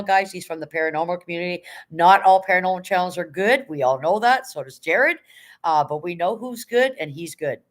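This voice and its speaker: Chatty woman hosting a livestream. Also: lowish voice. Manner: chatty, talks straight to her chat, shouting out viewers. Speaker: livestream host. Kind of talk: casual livestream chat.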